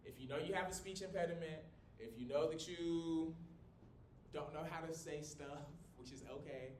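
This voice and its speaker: A man teaching a college class in a small room without a microphone. He talks in a lively, joking way and swings his volume and pitch up and down to demonstrate. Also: normal speed. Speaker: college instructor. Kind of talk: classroom lecture. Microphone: no microphone, recorded from across the room. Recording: echoey room from a distance with low rumble.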